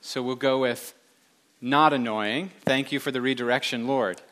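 A man's voice: medium pitch, fairly even intonation, normal speed, fairly bright tone. A middle-aged male pastor giving a casual, rambling sermon with wry asides and self-corrections. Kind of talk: conversational sermon.

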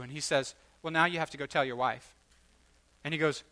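Animated preacher man, bright voice. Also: fairly high pitch, brisk, pauses often. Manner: animated, acts out quoted voices, rising to loud bursts. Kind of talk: sermon storytelling.

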